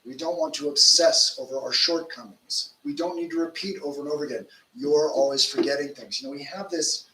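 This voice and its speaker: Preaching in a temple lecture hall, this man in his fifties is a monk whose bright, forceful voice sits on the high side and moves fairly quickly. His sermon is conversational, full of stories and informal fillers. The recording carries the hall's roominess, with a distant mic and faint noise.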